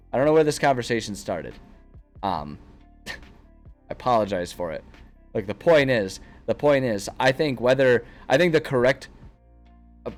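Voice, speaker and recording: Rambling male streamer chatting to his live chat. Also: medium pitch. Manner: rambling, self-interrupting, chatty.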